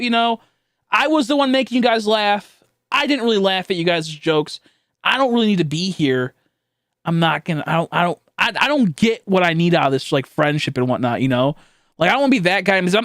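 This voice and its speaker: A man's voice: high voice, fairly bright tone, no room sound, studio quality. A young man streaming live, chatting casually and rambling with lots of swearing, fillers and restarts while he thanks viewers.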